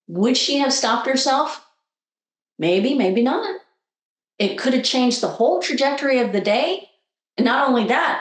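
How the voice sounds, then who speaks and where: A woman coach sharing a story in an animated, conversational way, acting out the voices she quotes. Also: on the high side, roomy sound. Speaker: guest coach.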